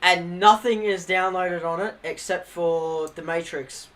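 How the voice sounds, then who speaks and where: A young man with a high, slightly bright voice speaks unhurriedly with fairly even intonation. In casual live-stream chat, he laughs and curses his way through funny family stories, imitating relatives' lines.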